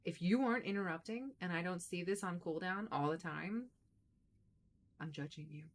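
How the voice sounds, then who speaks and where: A woman streamer giving casual, excitable gameplay commentary, chatty and blunt, with some mild swearing. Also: fairly low pitch, slight background noise, low-quality recording. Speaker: game streamer.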